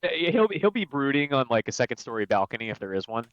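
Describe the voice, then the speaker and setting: A man's voice: mid-range voice, big pitch swings, quick pace, lo-fi sound, a crowd in the background. A man playing in a tabletop game, rambling casually about his character. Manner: rambling, laughs through his lines. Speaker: player.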